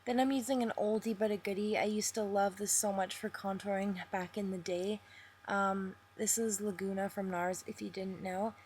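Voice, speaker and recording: A woman's voice: medium pitch, fairly even intonation, darkish tone, slight background noise. Young woman narrating a makeup tutorial. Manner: deliberately slowed, chatty step-by-step talk. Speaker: beauty vlogger.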